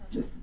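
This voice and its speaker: A woman with a deep voice performing a profane, animated stand-up comedy set in a garage studio. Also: very noisy. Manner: profane, animated storytelling with crowd banter. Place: garage studio with live audience. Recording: distant mic, live crowd laughter.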